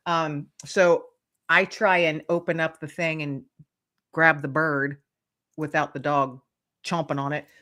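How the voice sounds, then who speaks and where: A woman's voice: sits low, a little slow. Laughing middle-aged woman telling stories. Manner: animated anecdotes, acts out voices, laughs often. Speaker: guest, author and podcast host. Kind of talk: casual storytelling chat.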